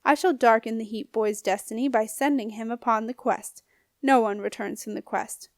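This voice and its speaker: An audiobook narrator, a woman, takes on the part of an old male ghost who is scornful and menacing, growling and snapping in a sneering, bullying way. Her natural voice is a little high with fairly even intonation and normal speed, captured in clean studio sound without room echo.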